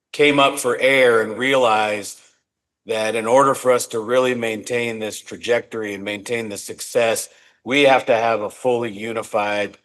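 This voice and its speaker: A man's voice: on the low side, a bit bright. A man being interviewed on a podcast as a company executive, speaking in an earnest, reflective way and often restarting his words. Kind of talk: casual interview talk.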